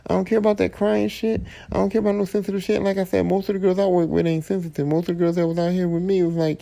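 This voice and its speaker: Male podcast host, gravelly and dark-toned, blunt profane AAVE rant. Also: high-pitched, little pitch movement, fast, hardly any pauses. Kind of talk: solo podcast monologue.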